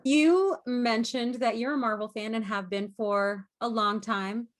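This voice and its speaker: A woman's voice: a little high, measured pace. A woman interviewing an actor in casual, chatty talk, laughing easily. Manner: chatty and enthusiastic, laughs often.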